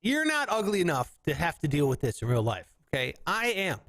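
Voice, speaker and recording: Animated high-voiced man with Southern drawl. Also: fairly quick, slight background noise. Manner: animated, does silly voices and bits. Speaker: podcast host. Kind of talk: comedic casual chat.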